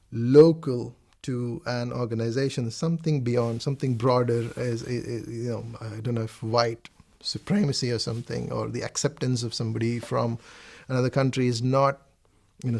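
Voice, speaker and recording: A man's voice: mid-range voice, vocal fry, darkish tone. A middle-aged man from South India with a South Indian accent, reflectively giving a personal testimony, hesitating and restarting often. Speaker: interviewee.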